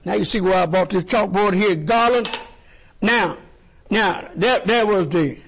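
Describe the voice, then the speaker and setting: Preacher guy, high gravelly voice, swoops all over, keeps repeating himself and quizzing the crowd. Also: a little slow. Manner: animated call-and-response preaching, repeats and stumbles. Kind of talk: sermon.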